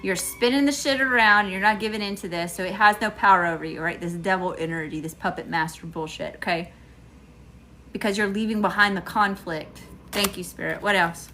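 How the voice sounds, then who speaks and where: Bright-voiced Southern woman reading tarot. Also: medium pitch, brisk, faint music behind. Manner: emphatic, talks straight to viewers. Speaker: tarot reader.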